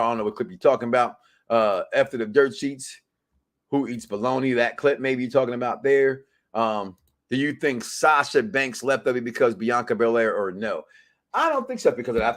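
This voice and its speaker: Dude hosting a wrestling podcast, slangy and animated, voice kinda high, swings loud then low. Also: male voice. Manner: animated, slangy, jumps between excited shouts and muttered asides. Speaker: podcast host. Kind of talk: casual wrestling talk.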